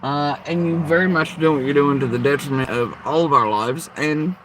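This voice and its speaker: A man delivering a heated, profane rant, swinging between loud outbursts and low muttering. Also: normal speed, noisy background. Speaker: podcaster ranting.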